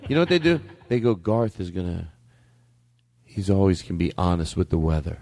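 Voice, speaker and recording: A man hosting a comedy podcast in casual chat, jumping into high mocking voices as he riffs. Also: expressive, fast, loud music behind the voice. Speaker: podcast host.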